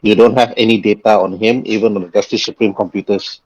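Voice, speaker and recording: Man, game master, low voice, slow deliberate narration. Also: fairly even intonation, a little mellow, dull audio.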